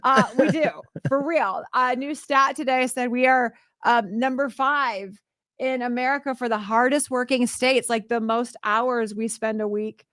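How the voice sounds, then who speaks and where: A woman co-hosting a radio show in casual banter, animated and chatty, laughing often. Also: on the high side, a little slow, dry recording, clean studio sound.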